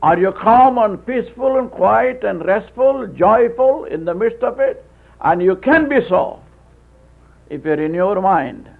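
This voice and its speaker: A man preaching a sermon, with halting restarts, telling stories and acting out voices. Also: high-pitched, expressive. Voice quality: gravelly, husky. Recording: tinny phone-like old tape.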